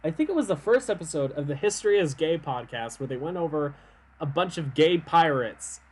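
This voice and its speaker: Young guy streaming a game with a friend, laughs a lot, voice jumps around, a bit high. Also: lively intonation, a little fast, breathy edge. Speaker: streamer playing a dating game. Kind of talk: casual chat, reading game text aloud.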